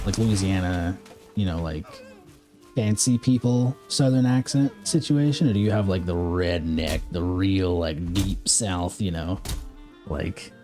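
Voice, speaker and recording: A man's voice: low-pitched, a little mellow. A man from the American Midwest streaming a game, chatting casually and rambling while answering his chat. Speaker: live streamer.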